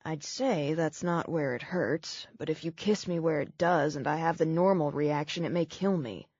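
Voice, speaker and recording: Wry injured man, gruff and clipped, a woman reading him, dull dry audiobook sound. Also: sits low, normal speed, darkish tone, no echo. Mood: wry, pained.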